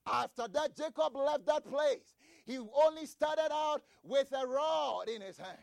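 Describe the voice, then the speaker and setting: A man preaching a sermon, reading scripture and repeating key phrases with shouted emphasis. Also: extremely high pitch, takes it slowly, creaky, dry recording, studio quality.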